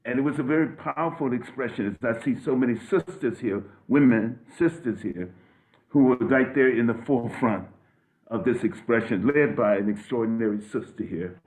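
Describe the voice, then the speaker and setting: An older man on a video call giving an emotional tribute, halting and restarting often. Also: mid-range voice, darkish tone. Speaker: guest speaker. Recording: phone-like audio.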